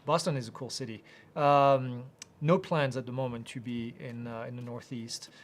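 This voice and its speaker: This man runs a live Q&A, reading viewers' questions aloud and responding in a loose, hesitant manner packed with fillers. He speaks in a mid-range voice with fairly even intonation.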